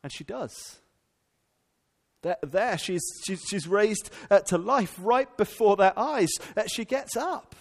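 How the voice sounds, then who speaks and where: Animated preacher in a reverberant hall. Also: male voice, high voice, slow pace. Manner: animated, with frequent fillers and restarts. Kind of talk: sermon. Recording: long reverb from a large hall.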